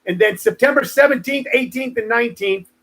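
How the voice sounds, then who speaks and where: A man's voice: very high voice, a little fast, fairly bright tone. A man in his sixties, a comedian hosting his live stream, rambling through stories and joking asides to viewers. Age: 60s. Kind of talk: casual live-stream monologue.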